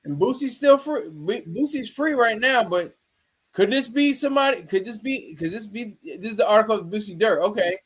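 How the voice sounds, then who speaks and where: A man's voice: high-pitched, lively intonation, moderate pace, slightly rough. A man giving casual livestream commentary, rambling, restarting sentences and talking back to his chat. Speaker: streamer.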